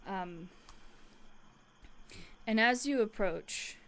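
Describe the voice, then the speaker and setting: A woman's voice: mid-range voice, expressive, extremely slow, a bit bright. A woman narrating a tabletop game as game master, casual, with many fillers and restarts.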